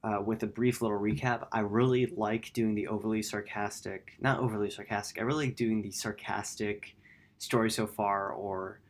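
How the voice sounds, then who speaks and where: A man's voice: fairly even intonation, normal speed. A man hosting a gaming channel, talking through his upload plans in a rambling, self-correcting late-night vlog. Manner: quiet, low-key.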